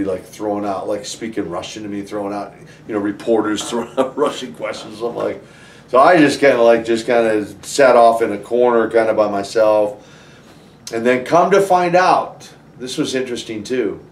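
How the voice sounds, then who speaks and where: Guy spinning an animated story, lots of you-knows, kinda roomy and off-mic. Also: fairly low pitch, a little hiss or hum. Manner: animated, many restarts and "you know"s. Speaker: interview guest, former wrestler. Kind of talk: conversational storytelling. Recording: roomy, somewhat distant from the mic.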